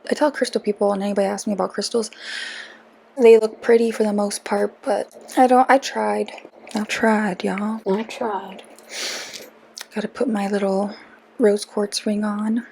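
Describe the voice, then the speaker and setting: A young woman chats her way through a tarot reading, rambling and poking fun at herself as she goes. Her voice has a gravelly, creaky edge. A faint hiss sits under the recording. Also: mid-range voice, dark tone, rough recording. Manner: rambling, self-deprecating, chatty asides. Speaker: tarot reader, channel host. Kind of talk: casual chatty tarot vlog.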